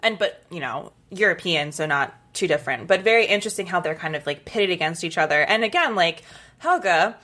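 Casual female co-host, slightly low voice, thinking aloud. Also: animated, brisk, sharp tone. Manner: musing, many "like"s. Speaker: podcast co-host. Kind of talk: casual chat.

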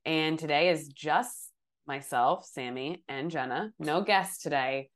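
A young woman co-hosting a casual podcast chat, speaking while sick with a hoarse voice, candid and swearing casually. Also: low-pitched, unhurried. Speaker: podcast co-host.

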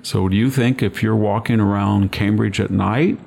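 An older man with a very low, heavily gravelly voice hosts a commentary chat. He lectures emphatically and drifts into long personal anecdotes. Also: steady tone, moderate pace, a little mellow, a little hiss or hum. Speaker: podcast host.

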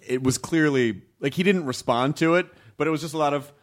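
A man co-hosting a comedy podcast, animated and laughing as he tells stories in casual banter. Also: a little high, brisk. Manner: animated, laughing, does loud voices.

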